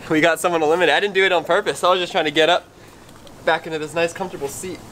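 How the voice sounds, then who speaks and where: A young man hosts his vlog from outdoors, upbeat and speaking straight to viewers. His voice sits a little high. Steady outdoor and traffic noise runs behind him. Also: racing. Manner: upbeat, addresses viewers directly. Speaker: vlogger host. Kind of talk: casual vlog talk. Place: outdoors up in a tree.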